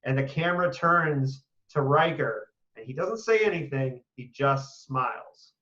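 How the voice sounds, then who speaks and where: A man hosting a casual panel discussion, talking in an animated, emphatic way with quick asides. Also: mid-range voice, reverberant, recorded from a distance, muffled recording. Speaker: podcast host.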